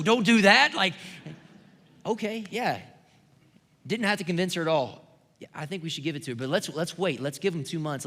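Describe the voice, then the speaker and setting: Animated man preaching in a reverberant hall. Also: a little high. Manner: animated storytelling, rising to emphatic preaching. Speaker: pastor. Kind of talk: sermon storytelling. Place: church sanctuary.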